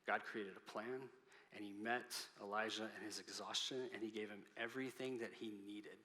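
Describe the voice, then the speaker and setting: A man's voice: on the low side, fairly even intonation, brisk. Man preaching in a reverberant hall. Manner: earnest, builds in intensity and then drops soft. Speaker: pastor. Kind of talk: sermon. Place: church sanctuary.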